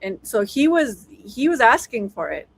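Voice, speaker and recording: A woman on a casual podcast panel, asking questions and thinking out loud. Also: on the high side, sing-song, moderate pace, vocal fry, husky. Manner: questioning, thinks aloud with restarts. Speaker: panel guest.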